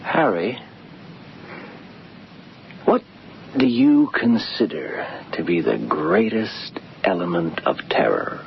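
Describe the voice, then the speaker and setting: A brooding, morbid gentleman. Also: low-pitched, huge pitch swings, vocal fry, full character voice. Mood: probing. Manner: measured, probing, darkly musing. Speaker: actor in a radio drama. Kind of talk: 1950s-style BBC radio drama acting. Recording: dull lo-fi radio recording with faint hiss.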